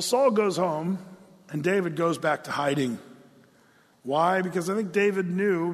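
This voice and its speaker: A man's voice: sits high, big-room sound. A man preaching a sermon, telling a story and acting out the quotes with playful asides. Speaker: pastor.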